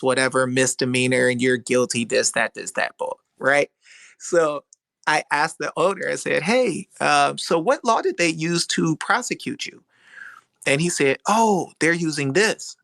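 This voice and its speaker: A man's voice: mid-range voice, gravelly, bright, forceful tone, dry recording. A man who hosts legal webinars, telling a story on a live audio chat and acting out the dialogue. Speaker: host of a legal webinar group. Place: live online audio room.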